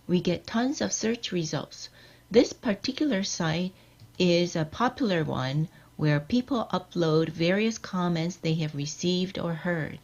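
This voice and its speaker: A woman giving a scripted workshop lecture on editing, measured and explanatory, quizzing her audience. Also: on the low side, a little mellow, muffled recording.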